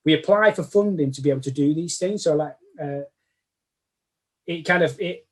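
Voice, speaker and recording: A man's voice: a little high, moderate pace. A man with a Manchester accent, a guest chatting casually in an interview and often restarting his sentences. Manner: rambling, lots of restarts and self-corrections. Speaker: guest cosplayer.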